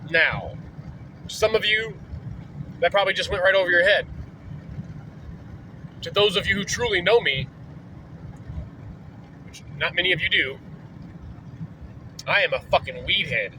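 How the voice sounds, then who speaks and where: A man's voice: high voice, a little slow, long pauses, sharp tone, a little hiss or hum, poor audio. A man vlogging casually while driving, loose and profane, trailing off with fillers. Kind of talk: casual rambling vlog. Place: in a moving vehicle on an early morning drive.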